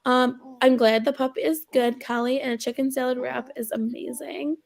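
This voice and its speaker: Brief: woman livestream co-host, somewhat high voice with gravelly fry, chatty replies to viewers. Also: little pitch movement, normal speed. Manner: greets viewers by name and reacts to their comments. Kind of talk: casual livestream chat.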